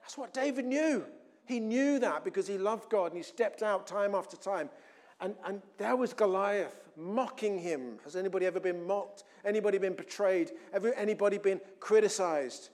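A man preaching a sermon, telling a scripture story with animated acted-out voices. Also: high-pitched, moderate pace. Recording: long hall reverb.

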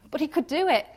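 Woman, informal Bible teacher, slightly high-pitched, chatty with frequent tag questions. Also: darkish tone. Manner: chatty, laughs often, many tag questions. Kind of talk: informal devotional talk.

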